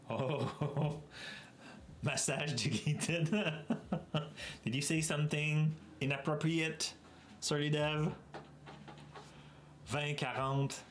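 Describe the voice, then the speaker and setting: Québécois male streamer, native French speaker, unhurried delivery, laughs often as he chats with his viewers. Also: a little high, a little hiss or hum. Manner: chatty, laughs often, answers chat. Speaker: livestream host. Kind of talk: casual livestream chat.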